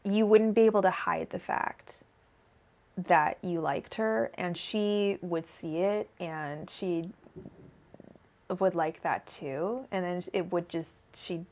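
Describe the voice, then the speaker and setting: A woman's voice: lowish voice, takes it slowly, a little mellow. A young woman giving a live-streamed tarot reading, rambling and emotional, with many fillers and restarts. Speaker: tarot reader.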